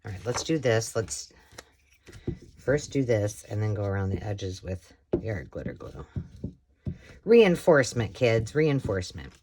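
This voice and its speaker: Slightly hoarse American woman, middle-aged, rambling craft chat, faint clicks behind. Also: very deep voice, animated, normal speed, a little mellow, slight background noise. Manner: chatty, rambling, self-talk while working. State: slightly hoarse, frog in throat. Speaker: crafting tutorial host. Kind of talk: casual craft tutorial chat.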